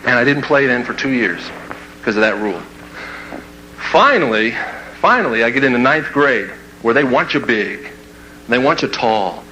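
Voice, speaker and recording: This motivational speaker, medium-pitched and talking at a normal speed with long pauses, shares an amusing story from his life with an audience. He energetically acts out the quoted voices and laughs at himself. It's a low-quality recording with a little hiss or hum.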